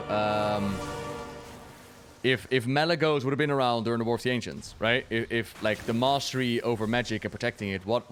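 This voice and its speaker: A man's voice: medium pitch, a bit bright. A man streaming a video game, chatting casually about its lore with jokes and casual swearing. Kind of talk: casual lore commentary while playing.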